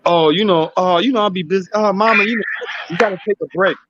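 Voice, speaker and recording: High-voiced man on a dull, dry call. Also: fast, a loud crowd. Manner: loose storytelling with acted quotes. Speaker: guest. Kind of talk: casual chat.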